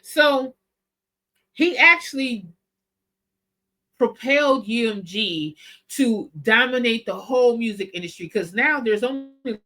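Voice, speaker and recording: A woman hosting a show, talking through history in a casual, animated, slangy way. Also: medium pitch, low-quality recording. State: coughing spell. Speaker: host. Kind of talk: casual commentary.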